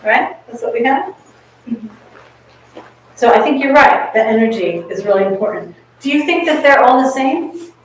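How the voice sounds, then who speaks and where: In a large, echoey rehearsal room, a woman coaching a chamber ensemble in a masterclass speaks at a moderate pace with a fairly high, animated voice. She encourages the players and sings phrases on nonsense syllables, heard through a distant camera mic with slight background noise.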